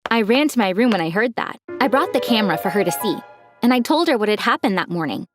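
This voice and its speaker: A woman giving scripted first-person narration for an animated story, expressive and animated. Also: medium pitch, quick pace, over music.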